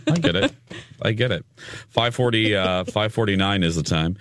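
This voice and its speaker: A man's voice: lowish voice, normal speed, dry recording, studio quality. A man hosting a morning radio show, bantering casually and cracking jokes. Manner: joking, animated asides.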